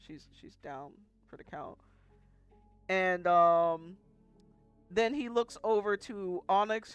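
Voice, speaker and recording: Casual, smooth-voiced woman game master. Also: mid-range voice, no echo. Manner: casual, chatty, swears freely. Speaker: dungeon master. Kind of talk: narrating a tabletop game.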